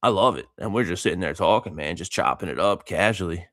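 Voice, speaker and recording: A man in his early thirties talks through a loose, motivational monologue, rambling and laughing between thoughts with easygoing slang. His voice sits low and deep, and the recording is dry and close with little room sound. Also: fast talker, a bit bright, no echo. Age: 30s. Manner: rambling, laid-back, laughs often, dude slang. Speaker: vlogger and coach.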